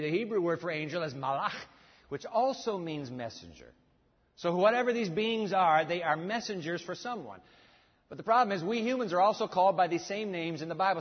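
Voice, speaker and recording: A man preaching a sermon in a large church, lively and directing the congregation as he teaches. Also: fairly high pitch. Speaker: pastor. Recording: long reverb, dull sound.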